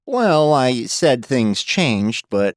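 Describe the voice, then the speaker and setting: Lady doing a low nervous guy who stammers, voice jumps around, slow. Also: very animated, a little mellow, dry recording, clean studio sound, exaggerated voice. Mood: flustered. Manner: stammering, hesitant. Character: nervous stammering adult man, husband.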